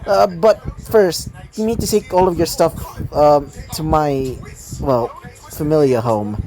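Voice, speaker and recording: A man's voice: a little high, a little slow, warm tone, poor audio. A man voicing a pouty, bossy young goddess in a fan fiction reading. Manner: pouting, bossy.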